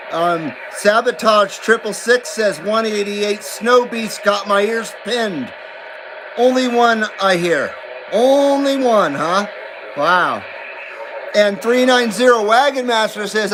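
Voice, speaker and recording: Laid-back man hosting a radio stream. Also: high voice. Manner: laid-back, chatty, drawn-out words, mild swearing. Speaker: CB radio livestream host. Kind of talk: casual livestream chat reading out viewer comments. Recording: steady background noise.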